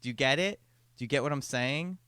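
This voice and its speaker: A young adult man hosting a podcast, chatting casually and pitching an idea with lots of restarts over a call. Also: fairly quick, pushed and bright, dry recording. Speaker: podcast host. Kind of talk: casual chat.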